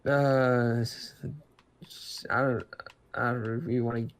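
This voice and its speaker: Laptops are the topic as this male podcast co-host rambles through casual chat, full of fillers and restarts. He talks slowly in a level tone at medium pitch.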